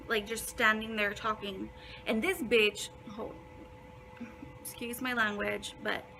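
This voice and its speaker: A woman's voice: fairly high pitch, bright, forceful tone, a little hiss or hum, low-quality recording. A young woman telling a casual storytime in a blunt way, swearing a lot and filling her talk with "like". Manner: blunt, heavy swearing, many fillers. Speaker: vlogger.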